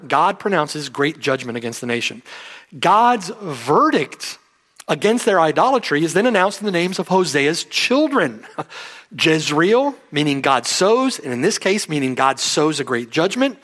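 Emphatic preacher with a lively voice. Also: male voice, fairly high pitch. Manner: emphatic, rising and falling sharply for stress. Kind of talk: sermon.

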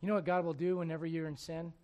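A man preaching a sermon who swings between quiet, conversational asides and loud, emphatic exhortation, acting out the voices he quotes. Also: on the high side, level tone, racing, highs cut off. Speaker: pastor.

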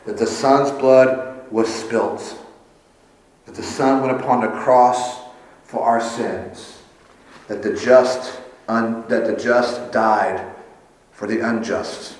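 An earnest male pastor preaches in a steady middle register, his voice rising and pressing harder as he drives his points home. He slips in light, self-deprecating asides. The sound rings through a very reverberant church hall. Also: mid-range voice, slow. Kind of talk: sermon. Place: church sanctuary.

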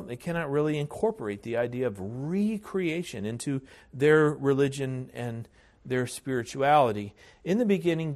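Slow, deliberate male pastor preaching. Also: on the high side, darkish tone. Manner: measured, deliberate, frequent hesitations. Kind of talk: sermon.

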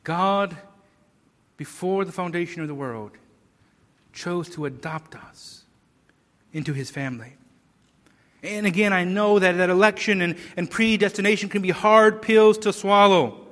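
A man's voice: sits high, unhurried, pauses often, a bit bright, long reverb tail. A man preaching a sermon, earnest and emphatic, with rhetorical questions and repeated words.

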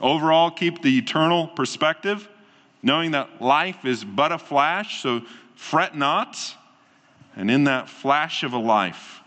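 Earnest pastor preaching in a hall. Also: male voice, a little high. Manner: calm, earnest preaching with soft slow drops. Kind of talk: sermon. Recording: long hall reverb.

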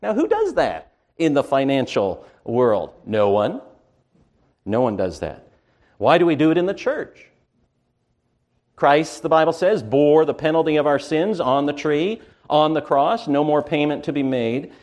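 A man preaching a sermon with emphasis, who slows down to stress key words and often pauses on "uh". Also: fairly high pitch, big pitch swings, darkish tone.

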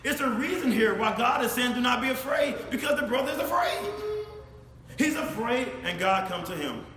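A man preaching a sermon, speaking straight to his congregation, swinging from shouted emphasis to low, quiet asides. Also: moderate pace, a little hiss or hum. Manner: animated, addresses congregation directly, rises to shouts then drops low. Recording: echoey hall with faint ambience.

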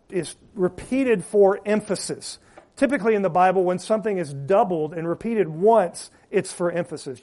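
A man delivers a sermon with a high-pitched but warm, dark-toned voice. He leans hard into repeated words for emphasis, then lets his phrase endings sink low and quiet. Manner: preaching with rising emphasis and trailing drops at phrase ends. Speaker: pastor.

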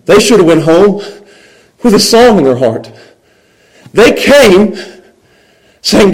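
Man, middle-aged preacher, sermon, high voice, lively swooping pitch, mimics grumbling, chuckles. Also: measured pace, long pauses, poor audio.

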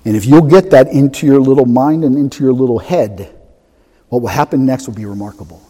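A man preaching a sermon, emphatic and animated, swinging from loud to soft. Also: mid-range voice, a little fast, slightly rough. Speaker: pastor. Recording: long hall reverb.

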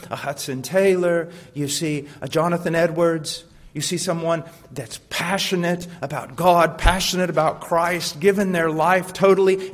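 Impassioned preacher in a reverberant hall. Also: male voice, fairly high pitch. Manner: impassioned, rhetorical questions, swings from hushed to loud. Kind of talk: sermon.

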